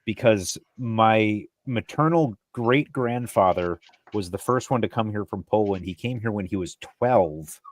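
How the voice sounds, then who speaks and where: A man's voice: on the low side, a little slow. A man from Wisconsin with a northern Wisconsin accent, joking in casual banter and tagging lines with "eh". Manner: jokey, folksy, ends lines with "eh".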